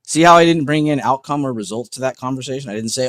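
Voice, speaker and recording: A man's voice: medium pitch, expressive, fast talker, hardly any pauses, a bit bright, no echo. A man hosting a trading livestream, talking in a blunt, emphatic, unscripted way, swearing often and repeating points.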